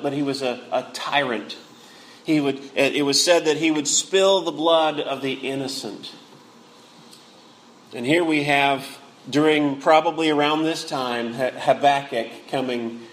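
Slow-preaching man with a higher voice. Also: fairly bright tone, rough recording. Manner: earnest preaching, rising to cries then dropping low. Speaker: pastor. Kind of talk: sermon.

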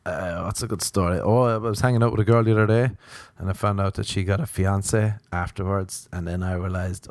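A man's voice: low voice, fairly even intonation, a little fast, no echo. An Irish man from Ireland doing a rambling, self-mocking comic monologue. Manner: self-mocking, wandering asides. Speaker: comedian.

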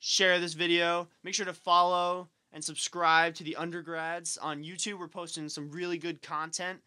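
A man's voice: on the high side, flat delivery, normal speed, bright, forceful tone, clear, resonant tone. A young man co-hosting a podcast, telling stories in casual chat with lots of "like" fillers. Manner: rambling, heavy use of "like". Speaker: podcast co-host.

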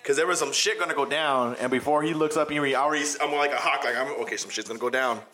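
A man with a bright, forward voice chatting on a podcast among friends. He rambles eagerly, restarts his sentences and counts down memorable moments. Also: mid-range voice, fast. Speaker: podcast co-host. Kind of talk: casual chat.

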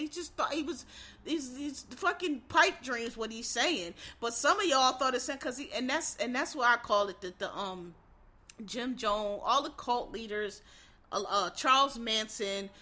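Blunt, bright-voiced woman ranting. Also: a little high. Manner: blunt, profane, emphatic. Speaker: political commentator. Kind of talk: casual political commentary rant.

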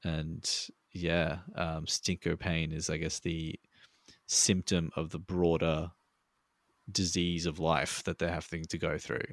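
A man's voice: very deep voice, flat delivery, slow pace, dry recording. A man co-hosting a podcast over a remote call, talking in a rambling, laid-back way and swearing freely. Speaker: podcast co-host. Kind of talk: casual podcast chat.

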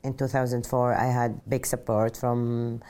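A woman's voice: rumbling low, little pitch movement, a little slow, mellow. A middle-aged woman from Arabia, a pilot telling her story in an earnest, reflective interview and often saying "just like". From Saudi Arabia.

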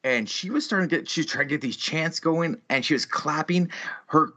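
The recording is lo-fi and slightly muffled, capturing a man in his thirties who hosts a podcast. His fairly high, sharp-toned voice moves a little fast as he tells a story casually, swearing heavily and ranting in an exaggerated way.

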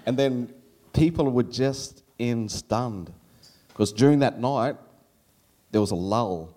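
A middle-aged Australian man telling a personal story on stage at a live storytelling event, animated and laughing as he goes, his voice leaping up when he quotes his younger self. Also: mid-range voice, takes it slowly, long pauses.

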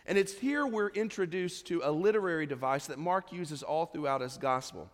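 High-voiced pastor in a reverberant sanctuary. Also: male voice, moderate pace. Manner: storytelling, conversational preaching. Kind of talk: sermon. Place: large church sanctuary. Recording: long hall reverb.

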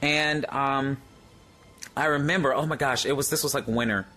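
A man, excitedly sharing a spiritual testimony in a casual, halting way full of fillers and restarts. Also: medium pitch, faint music behind.

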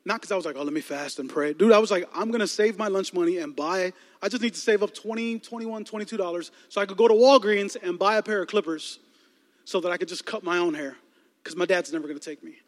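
In a large hall, a young man from the Chicago area, United States, preaches to a youth audience by telling a personal story. His voice is high and fast, and he's animated, acting out voices while stammering and repeating words.

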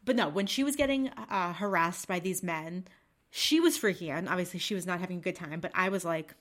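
A woman's voice: on the low side, expressive, brisk, a bit bright. Woman podcast co-host, casual and emphatic. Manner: conversational, emphatic, casual swearing. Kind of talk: casual chat.

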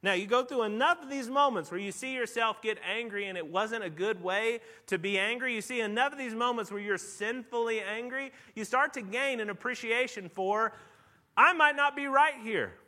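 A man preaching a sermon, telling a lively story with animated, rising outbursts before quieting down to make his point. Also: sits high, brisk, hardly any pauses, in a large hall. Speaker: pastor.

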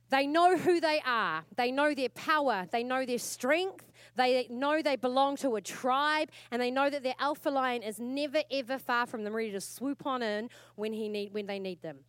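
A woman's voice: high-pitched, moderate pace, a bit bright, clean tone, no echo. A woman pastor with a New Zealand accent preaching a sermon in a church, earnest and exhorting, repeating her points for emphasis.

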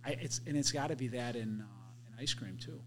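A man's voice: mid-range voice, a little fast, a little hiss or hum. A man who is a guest from the food business, talking casually in a reflective, matter-of-fact way. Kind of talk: casual conversation.

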